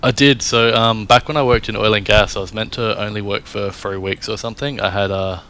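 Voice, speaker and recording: Australian male guest, low and bright-toned, relaxed and profane. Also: a little fast, clean tone. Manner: laid-back, swears freely, trails off with fillers. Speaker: podcast guest. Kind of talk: casual chat.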